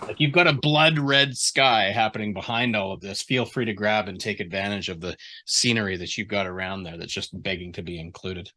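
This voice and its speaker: Bright-voiced man giving writing feedback. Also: fairly low pitch, a little fast. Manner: rambling, restarts sentences. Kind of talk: casual critique session.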